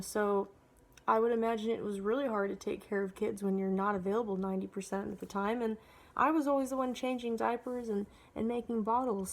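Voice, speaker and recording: Young woman vlogging her story, kinda high voice w lots of vocal fry, blunt, swears, says like constantly. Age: 20s. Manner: blunt and candid, swears freely; rambling, heavy use of filler "like". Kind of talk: confessional personal storytelling.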